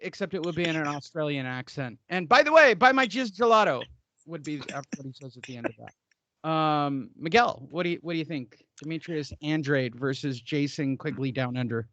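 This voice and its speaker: A man hosting a casual boxing podcast, excitable and joking, often cutting in with quick remarks. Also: fairly high pitch, dry recording, dull audio. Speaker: podcast host. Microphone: headphones, podcast mic.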